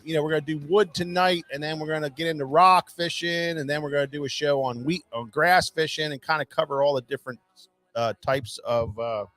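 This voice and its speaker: A man's voice: fairly high pitch, a bit bright, no echo. A man hosting a live fishing tackle show, calling out viewers by name with lots of energy and loose filler words. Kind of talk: casual live-stream hosting.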